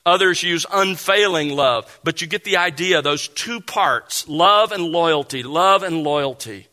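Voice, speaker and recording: A man preaching an expository sermon, reading Bible verses aloud and explaining them in a measured, emphatic way. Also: a little high, sharp tone. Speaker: pastor.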